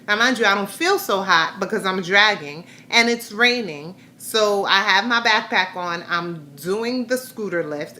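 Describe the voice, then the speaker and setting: A woman vlogger, mother of a grown son, candidly recounts a hard day, rambling and restarting as she goes. Her mid-range voice is bright and forceful, with slight background noise.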